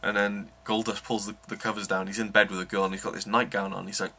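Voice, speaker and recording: A man's voice: lowish voice, flat delivery, fast, bright, forceful tone, slightly rough. A man giving an enthusiastic, rambling wrestling review, full of ums. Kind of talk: casual review monologue.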